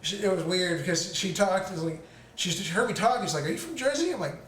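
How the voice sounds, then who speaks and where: A man's voice: sits high, fast, fairly bright tone. A young man from Oklahoma, hosting a casual podcast chat, rambling with many restarts. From Oklahoma, USA. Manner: rambling, lots of restarts and likes. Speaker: podcast host. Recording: echoey room, mic at a distance, faint noise.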